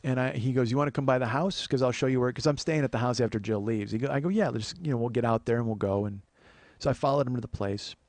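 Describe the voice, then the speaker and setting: A man's voice: mid-range voice, fast talker, few pauses, darkish tone, no echo. A man hosting a podcast, telling a personal story in a profane, emphatic way with frequent restarts. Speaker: podcast host.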